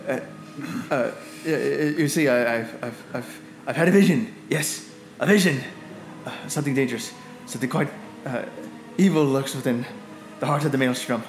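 A man's voice: mid-range voice, normal speed, lightly acted. A man voicing a nervous, stammering old male wizard in a tabletop game. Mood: flustered. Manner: stammering, flustered. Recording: echoey room, faint music.

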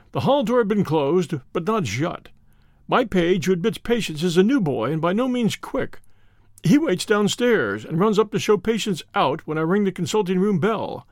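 Expressive man reading a story. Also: sits high, normal speed, no echo, clean studio sound. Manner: expressive, voices the characters. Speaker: audiobook narrator. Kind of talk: dramatic reading of a detective story.

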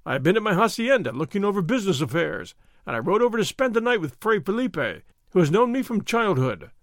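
Brief: narrator doing an idle, well-bred gentleman, lightly mocking, high lively voice. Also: fast talker, no echo, clean studio sound. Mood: languid. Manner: leisurely, mildly teasing, refined. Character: languid young male nobleman, mild and mocking. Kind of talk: audiobook character reading.

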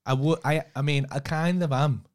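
A young man with a Scouse accent co-hosting a casual podcast chat, swearing freely and shouting out local businesses. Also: on the high side, fairly even intonation, moderate pace. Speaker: podcast co-host.

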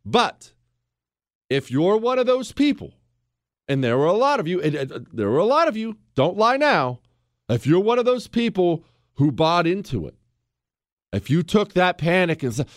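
A man delivers a combative commentary monologue, needling the listener with sarcasm. His pitch sits a touch high and leaps around with animated emphasis. The recording is dry and close, with no room sound. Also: normal speed, no room sound. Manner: mocks others with put-on quoting voices. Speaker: political commentary host. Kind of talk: ranting monologue.

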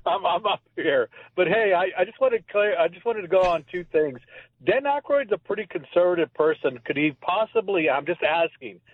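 A male caller talking over a tinny phone line, his voice sitting a bit high. Chatty and insistent, he tends to repeat his points. The sound is dry and narrow. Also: lively intonation, normal speed, slightly rough, no room sound. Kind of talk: call-in radio talk.

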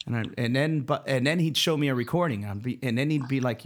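Casting: male podcast host, slight Philly accent, loose rambling delivery, curses freely, mid-range pitch. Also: fast talker, few pauses, fairly bright tone. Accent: slight Philadelphia. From Philadelphia. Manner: rambling, profane, frequent restarts. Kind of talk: casual podcast chat.

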